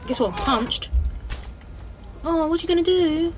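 A woman's voice: extremely high pitch, expressive, slow, long pauses, background noise. A playful female host, casually commenting over gameplay with goofy sing-song bits and a habit of saying "bloody". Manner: self-censors swearing, says "bloody" a lot. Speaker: gaming channel host.

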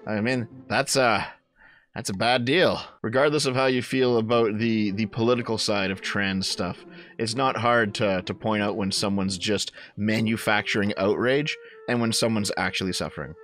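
A young man hosting a show, reacting to clips with loud, crude exclamations and swearing. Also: on the low side, steady tone, moderate pace. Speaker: commentary host.

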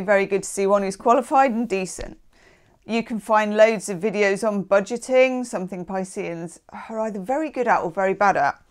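A woman giving a casual, chatty tarot reading. She is encouraging and often checks in with "okay?". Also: mid-range voice. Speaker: tarot reader.

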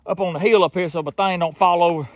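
A man's voice: sits high, fairly even intonation, fast talker, no echo. A middle-aged man with a Mississippi Southern accent, rambling folksily to viewers while setting beaver traps outdoors on a farm. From southern United States. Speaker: trapper vlogger. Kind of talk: casual outdoor vlog. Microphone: phone on a tripod. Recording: noisy outdoor phone recording.

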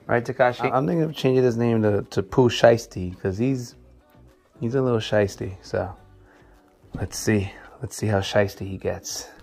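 A man casually chatting on a vlog as he shows his snakes, talking softly and coaxing them. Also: on the low side, moderate pace, creaky, faint music behind. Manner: laid-back, talks softly to his snakes. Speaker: snake keeper showing his collection. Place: indoor snake room.

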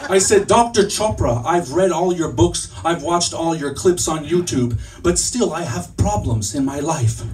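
A man's voice: a little high, lively intonation, a little slow, hardly any pauses, darkish tone. A man performing stand-up comedy as a fake motivational speaker, mock-earnest and stumbling over his own puns, on a comedy club stage. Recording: distant mic with faint room noise.

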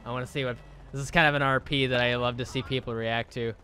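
A man's voice: mid-range voice, fairly even intonation, fast, background noise. A man giving casual, amused commentary while streaming a role-play game, often laughing.

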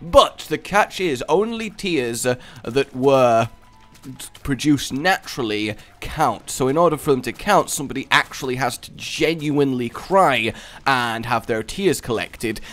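A man's voice: medium pitch, animated, unhurried, fairly bright tone, faint music behind. A young man giving casual gameplay commentary as a video host, rambling playfully through silly tangents. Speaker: let's play host.

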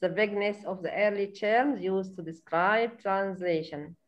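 A woman's voice: medium pitch, highs cut off. A woman presenting a chapter to an online class, hesitant and full of fillers, over video call audio. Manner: hesitant, many fillers, slow. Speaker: student presenter.

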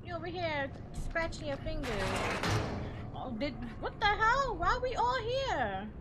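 A young woman streaming a game, reacting loudly with shrieks and laughs and talking back to the game in slang. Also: extremely high pitch, very animated, a little slow, very noisy. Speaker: gaming streamer. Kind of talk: live gameplay commentary.

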